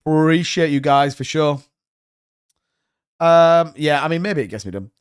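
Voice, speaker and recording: A man's voice: fairly high pitch, animated, measured pace, clean tone. A man hosting a live stream, giving rambling, chatty market commentary full of hedges. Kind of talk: casual crypto market commentary.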